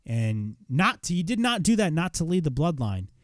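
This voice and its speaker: A man retelling a wrestling show in a casual, excitable recap, swearing freely as he goes. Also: on the high side, moderate pace, no room sound, clean studio sound.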